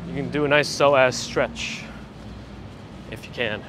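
A perky male livestream host chats his way through a casual walk, reading viewer comments aloud and reacting as he goes. His steady, everyday middle-pitched voice moves slowly. A handheld phone gimbal mic captures him outdoors, with clear street traffic noise running underneath.

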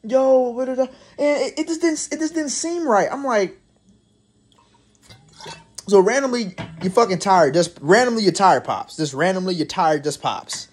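A man's voice: high voice, expressive, normal speed, pauses often, husky. A young man telling a storytime tale in a casual, profane, rambling way, with frequent restarts and laughter. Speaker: vlogger.

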